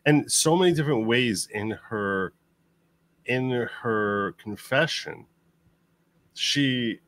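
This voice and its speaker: A man's voice: mid-range voice, lively intonation, slow, a bit bright, no room sound. A man commenting on a trial on a live stream, explaining legal points step by step.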